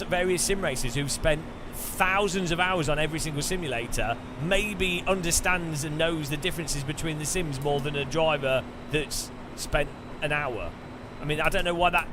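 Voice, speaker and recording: A man's voice: on the high side, noisy background. A man chatting casually about sim racing as he plays, rambling with chuckles and restarts. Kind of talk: casual gaming chat.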